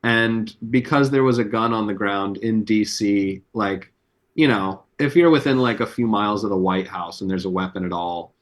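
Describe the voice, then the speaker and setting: A comedian on a podcast, telling rambling, profane anecdotes with plenty of fillers. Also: male voice, on the low side, moderate pace. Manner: loose, profane storytelling with many fillers. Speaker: comedian guest.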